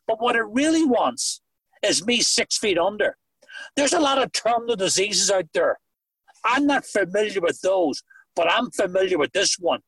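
A man's voice: high voice, lively intonation, normal speed, a bit bright, husky, no echo, rough recording. A middle-aged man with a Northern Irish accent, giving earnest personal testimony with dry humor on a video call. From Northern Ireland. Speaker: recovery meeting speaker.

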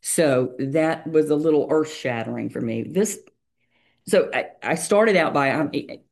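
Gravelly mid-pitched speaker giving a reflective testimony. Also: a little slow. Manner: reflective, hesitant, with many fillers. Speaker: meeting member sharing. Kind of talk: personal testimony.

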